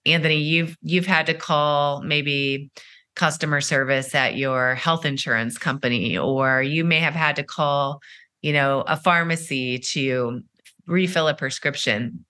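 A middle-aged woman with a low-pitched voice speaks in an interview as a company founder. Her tone is bright and forceful. She explains things in a measured way, often pausing on "uh" and "you know". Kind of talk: podcast interview answers.

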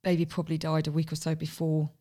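A woman telling her own life story on a podcast, frank and animated, often acting out what was said. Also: sits low, quick pace. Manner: frank, animated, acts out past dialogue. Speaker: podcast founder and guest. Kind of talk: candid personal storytelling.

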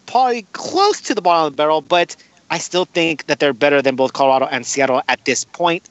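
A man hosting a casual sports podcast, animated and quick to laugh, stressing words by repeating them. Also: a little high, muffled recording. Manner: animated, laughing, repetitive emphasis. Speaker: podcast host.

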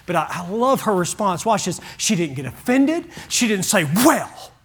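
A man preaching a sermon as pastor, folksy and animated, swinging from loud to hushed. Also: high-pitched, normal speed.

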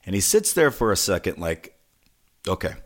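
A man's voice: lowish voice, huge pitch swings, a little fast. A man co-hosting a podcast, telling a story in a casual, self-deprecating and rambling way. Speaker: podcast co-host.

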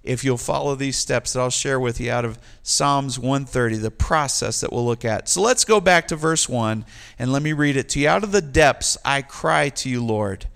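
A man's voice: medium pitch, normal speed, creaky, fairly bright tone, smooth. A man preaching a sermon, reading scripture aloud with rising emphasis and dropping into light joking asides to the congregation. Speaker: pastor.

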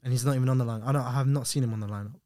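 A young man, chatting as a podcast guest, quick and insistent, repeating himself. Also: medium pitch, fairly even intonation, a little mellow, no echo. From London. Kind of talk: casual chat.

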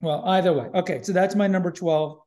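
A man's voice: high voice, fairly quick, mellow. A man hosting a podcast in casual chat, opinionated and emphatic, often repeating himself. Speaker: podcast host.

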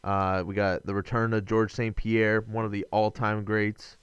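Smooth-voiced young man chatting sports. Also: on the low side, flat delivery, a little slow, no room sound, dull audio. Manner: rambling, self-correcting, enthusiastic. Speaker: podcast co-host. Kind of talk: casual sports chat.

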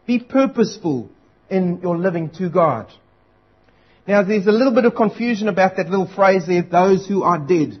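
A man's voice: high voice, expressive, normal speed, slightly rough, highs cut off. A man preaching a sermon, earnest and urgent, driving points home by repeating them.

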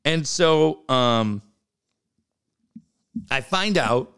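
A middle-aged man co-hosting a podcast, telling stories in casual chat, animated and profane, often laughing as he talks. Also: medium pitch, extremely slow, smooth. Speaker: podcast co-host.

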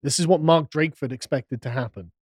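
A man's voice: a little high, a little fast. A man hosting a casual political podcast, reading documents aloud and adding sarcastic commentary. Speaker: podcast host.

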